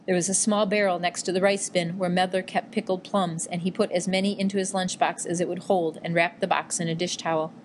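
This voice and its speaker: A woman narrating a novel aloud in a measured, even storytelling manner. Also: on the low side, a little hiss or hum. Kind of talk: audiobook narration.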